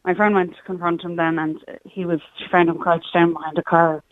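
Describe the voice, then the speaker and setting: A woman's voice: lowish voice, level tone, brisk, no room sound. A young woman from Sligo with an Irish accent, a radio guest telling a personal story in an earnest, matter-of-fact way. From Ireland, Sligo. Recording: tinny phone line.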